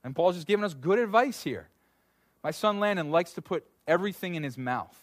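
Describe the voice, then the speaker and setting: A man in his thirties preaching a sermon in a lively, conversational way, full of asides and restarts. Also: high-pitched, fairly quick, no echo, studio quality. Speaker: pastor.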